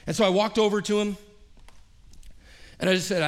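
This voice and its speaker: A man's voice: high voice, steady tone, a little fast, pauses often. A man preaching a sermon as pastor, telling a personal story and acting out the quoted dialogue, often repeating his phrases. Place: church service.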